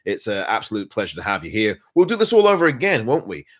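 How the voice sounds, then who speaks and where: A man's voice: on the low side, wildly swooping pitch, quick pace. Giggly English man hosting a post-match show. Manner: giggly, laughing at his own slip-ups; self-mocking, talks to himself by name. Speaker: podcast host. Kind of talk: casual post-match chat.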